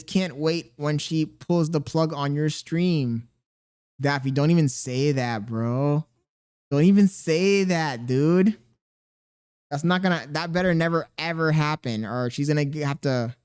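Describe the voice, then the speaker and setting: A man's voice: on the high side, normal speed, darkish tone, clean tone. Playful male streamer talking to chat. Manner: reads chat comments aloud and coos to a baby; playful, mock self-pitying. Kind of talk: casual livestream chat.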